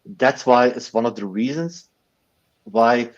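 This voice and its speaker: A man's voice: mid-range voice, lively intonation, slow pace, dull audio. A man heading a foundation, earnestly explaining answers to community questions on a livestream call, often restarting his words.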